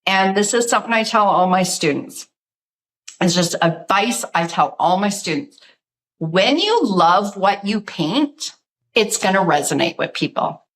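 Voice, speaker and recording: A middle-aged woman, a guest artist, telling her story in a casual interview, animated and full of "like". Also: medium pitch, unhurried, poor audio. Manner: animated storyteller, acts out quoted voices, says "like" often.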